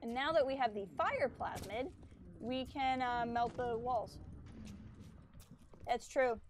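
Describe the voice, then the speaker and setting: A fairly high-voiced woman chatting her way through a game stream. She explains mechanics and heckles the enemies. A faint hiss sits under her voice. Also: takes it slowly. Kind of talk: casual gameplay commentary.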